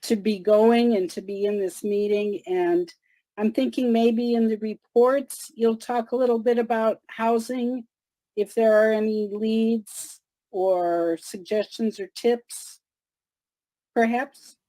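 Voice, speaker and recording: A woman's voice: fairly high pitch, fairly even intonation, slow, warm tone, dry recording, poor audio. A woman calling in to an organizing call on a video call, speaking hesitantly and repeating words.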